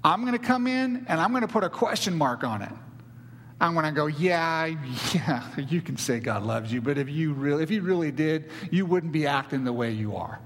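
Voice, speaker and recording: A sly, needling male tempter spirit, as a preacher puts him on, wheedling and mocking as he plants doubt. The voice sits fairly high for a man. It rings with the long reverb of a big hall. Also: expressive, normal speed, fairly bright tone, a little hiss or hum.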